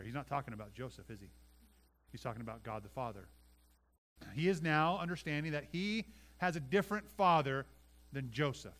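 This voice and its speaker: A man preaching a sermon as pastor, his voice sitting a little high. He talks emphatically, checks in with "right?" and repeats himself as he goes. When he acts out a quoted voice, he swings hard between loud and soft. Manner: emphatic, often asks "right?" and repeats words.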